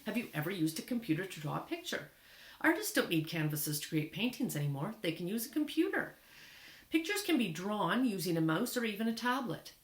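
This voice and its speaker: A woman's voice: medium pitch, big pitch swings, brisk. A woman teacher reading a picture book aloud to children, talking in an encouraging way and marveling at what she shows. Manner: warm, encouraging, marvels often. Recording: echoey room.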